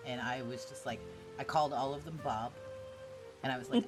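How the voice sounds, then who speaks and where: A woman's voice: extremely low pitch, brisk, music in the background. A woman hosting a casual podcast chat, telling stories bluntly and with animation. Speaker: podcast host.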